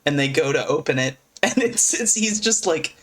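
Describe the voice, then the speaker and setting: A man with a fairly high voice chats loosely on a podcast from his home mic. He giggles often and piles on "like" as he retells things. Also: lively intonation, moderate pace, fairly bright tone. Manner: rambling and giggly, full of "like". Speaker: podcast co-host. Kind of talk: casual podcast chat. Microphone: own mic, muting at times.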